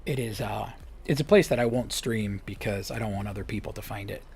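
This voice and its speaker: A man's voice: lowish voice, fairly quick, gravelly, darkish tone, faint music behind. Man rambling jokingly on a live stream. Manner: rambling, joking storytelling, drops to a whisper for asides. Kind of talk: casual chat while streaming a game.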